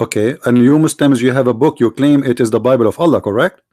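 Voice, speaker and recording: With a medium-pitched, dark-toned voice and a quick pace, a man with an Arabic accent from the Middle East runs a live call-in debate stream, asking pointed, insistent questions. The recording is dry and studio quality.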